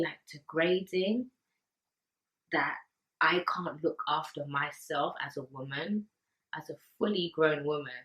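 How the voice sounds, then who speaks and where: A young woman from the UK talking earnestly and emotionally to camera, pausing often and repeating words. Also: sits low, fairly bright tone, poor audio. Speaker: vlogger. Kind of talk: personal talk to camera.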